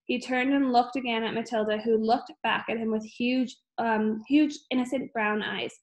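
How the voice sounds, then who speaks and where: A woman reading a children's book aloud at an unhurried pace, with frequent small slips and restarts. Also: a little high, fairly even intonation. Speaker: reader.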